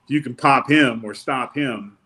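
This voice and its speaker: A wrestling guest in a casual interview, this man speaks at a medium pitch with a measured pace and a sharp tone. He tells his stories loosely and ramblingly, full of fillers and restarts, and acts out the people he quotes.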